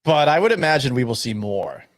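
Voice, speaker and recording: A male sports radio host with a sore throat, speaking in a subdued, near-monotone way with dry humor in a studio. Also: mid-range voice, a little fast, no room sound. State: sore throat, swollen tonsils. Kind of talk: sports talk radio monologue.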